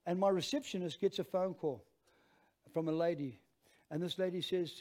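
A man with an Australian accent, a pastor telling a lively, self-mocking story as part of his sermon. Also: high-pitched, moderate pace, long pauses.

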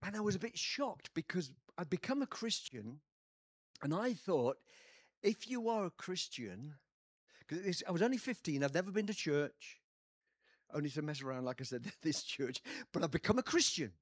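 An older English pastor with an English accent preaches a sermon full of personal stories, swinging between quiet narration and loud outbursts. His voice is on the high side, sing-song and a little breathy, at normal speed, captured in a dry, studio-quality recording.

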